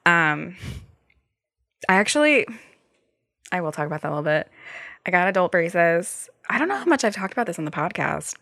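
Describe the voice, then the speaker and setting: A woman's voice: sits low, fairly bright tone, dry recording, clean studio sound. A young adult woman hosting a podcast solo, telling stories in a chatty, profane way full of "like" fillers. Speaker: podcast host. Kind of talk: casual solo podcast storytelling.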